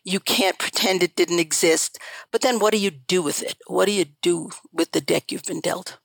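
A woman's voice: lowish voice, moderate pace, gravelly, dry recording, poor audio. An older woman, a guest on an interview show, telling her family story in an earnest, emphatic way that repeats phrases for stress. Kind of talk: conversational storytelling.

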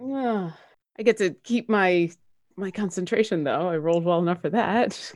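A woman's voice: on the low side, normal speed, darkish tone. A woman playing a tabletop role-playing game, polite and careful as she explains her moves. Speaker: player.

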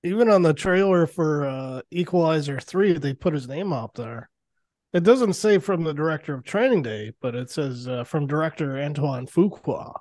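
A man co-hosting a podcast, laid-back and low-key in casual chat. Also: expressive, moderate pace, darkish tone, no room sound. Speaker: podcast host.

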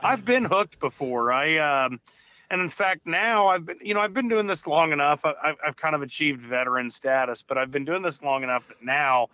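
A man's voice: a little high, fairly quick, no echo. A man, a fishing guide calling in to a show, telling a long story in a loose, casual way with restarts and the odd swear word. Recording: dull lo-fi call audio.

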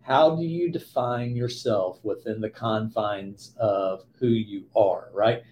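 A man's voice: lowish voice, takes it slowly, darkish tone. A man in his fifties, a podcast guest, speaking reflectively and repeating words as he gets started. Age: 50s. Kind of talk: conversational interview. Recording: roomy echo with faint noise.

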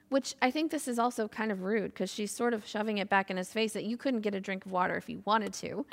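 A woman preaching a sermon in an animated way, acting out the people in the story. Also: medium pitch, moderate pace, gravelly. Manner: animated, with laughs and acted quotes. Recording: echoey hall with long reverb.

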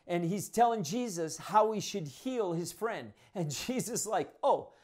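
A man's voice: sits high, lively intonation, unhurried. A male pastor delivering a sermon, talking in a conversational, earnest way and often restarting his phrases.

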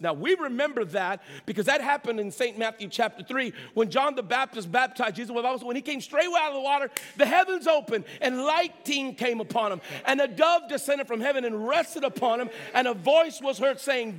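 A man preaching a sermon, animated, with rhetorical questions and repeated phrases. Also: very high voice, normal speed, few pauses. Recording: long reverb of a large hall.

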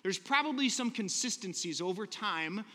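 A man's voice: sits high, animated, moderate pace, bright, forceful tone, in a large hall. A man preaching a sermon in a conversational, earnest way, often asking the listeners rhetorical questions. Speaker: pastor.

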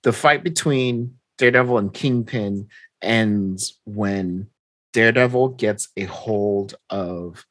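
Man, casual chat, animated storyteller, lowish voice, dry close sound. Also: slow pace, dry recording. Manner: animated retelling, acting out characters' lines, laughs often. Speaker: comic book recapper.

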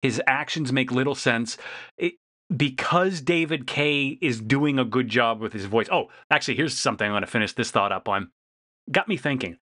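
A man co-hosting a casual podcast chat, joking with lively, quick asides. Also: mid-range voice, dry recording, studio quality. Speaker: podcast co-host.

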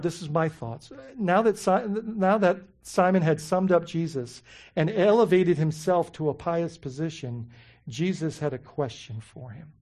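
Here a pastor gives a lively, conversational sermon at a medium pitch, posing lots of questions to his listeners and repeatedly using "you know" and "right?".

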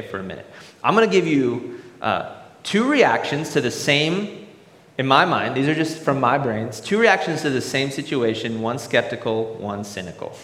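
A male pastor giving a sermon, lively and conversational, acting out little example voices. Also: medium pitch. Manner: animated, acts out voices in examples. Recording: roomy hall reverb.

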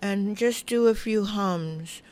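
A middle-aged woman calmly teaching relaxation through humming, toning and breathing, giving unhurried, soothing guidance. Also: mid-range voice. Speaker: wellness teacher. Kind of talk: guided relaxation instruction.

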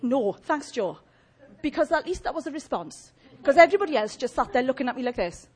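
A woman preaching a lively, humorous sermon and chatting with her audience. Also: high-pitched, fairly quick.

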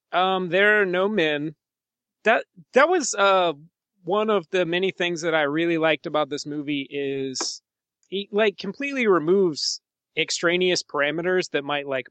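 A man's voice: fairly high pitch, moderate pace, a bit bright, no echo. A man co-hosting a podcast, chatting casually about a film with lots of fillers and easy laughs. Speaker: podcast co-host.

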